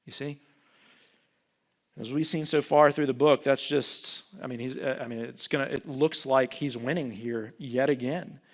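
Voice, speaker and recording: A man preaching a sermon as pastor, talking in a casual, animated way and joking with the congregation. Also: mid-range voice, normal speed. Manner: conversational, animated, jokes with the congregation.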